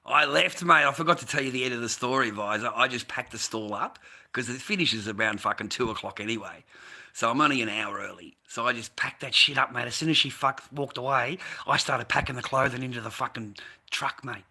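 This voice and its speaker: An Australian vlogger with a mid-range, sharp-toned voice talks fairly quickly. He recounts a long story in a casual, profane, repetitive monologue, calling the listener mate and bro.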